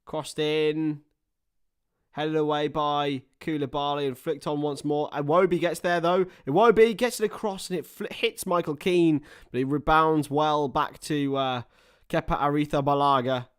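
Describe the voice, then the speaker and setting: A man's voice: fairly high pitch, steady tone, moderate pace, clear, resonant tone. A man giving casual, chatty live commentary on a football match while talking to his viewers. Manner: chatty, reacts to viewer chat between play-by-play.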